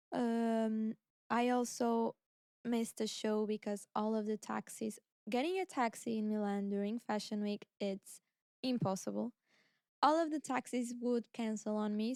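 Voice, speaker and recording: Chatty young female co-host with a higher voice, close dry recording. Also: darkish tone, smooth, no echo. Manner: chatty, laughing, quick back-and-forth. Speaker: podcast co-host. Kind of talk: casual chat.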